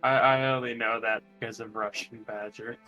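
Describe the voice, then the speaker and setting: A man's voice: mid-range voice, flat delivery, moderate pace, lo-fi sound, over music. A man playing in an online tabletop game, chatting and joking casually. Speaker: player.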